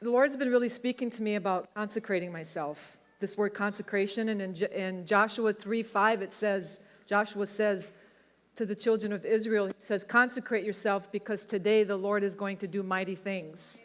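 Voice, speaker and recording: A middle-aged woman pastor preaching a sermon, telling a personal testimony in a conversational, animated way. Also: medium pitch, normal speed. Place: church sanctuary. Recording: long church hall reverb.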